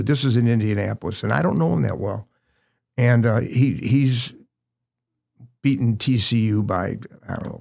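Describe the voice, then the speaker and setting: Gravelly older man telling stories. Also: mid-range voice. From St. Louis area, USA. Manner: lively anecdotal storyteller, acts out quotes. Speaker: retired basketball referee, podcast guest. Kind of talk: casual storytelling chat.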